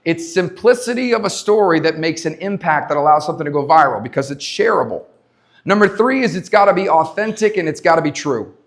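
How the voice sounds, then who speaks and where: A man giving an energetic motivational talk to a live audience at a leadership summit, repeating his points and asking the crowd questions. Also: on the high side, brisk. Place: conference stage before a live audience.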